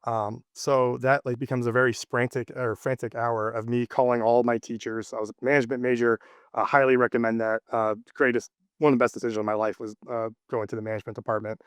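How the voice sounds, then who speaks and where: A man's voice: mid-range voice, little pitch movement, quick pace, clean tone, no echo, studio quality. A man in his thirties, the guest in an interview, telling a personal story casually with many fillers and restarts. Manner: rambling, lots of fillers and restarts.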